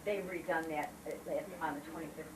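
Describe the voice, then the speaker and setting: A woman's voice: low-pitched, fairly even intonation, distant mic. Friendly woman teacher chatting. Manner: friendly, halting, with fillers. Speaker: teacher in the audience. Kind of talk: casual conversation. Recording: echoey room recorded from afar, noisy.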